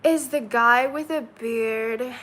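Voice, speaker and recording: A woman's voice: a little high, slow, a bit bright, a little hiss or hum, rough recording. A woman from China hosting a casual livestream from a hotel room, counting aloud, answering chat questions and laughing often. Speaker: livestream host. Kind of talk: casual live-stream chat.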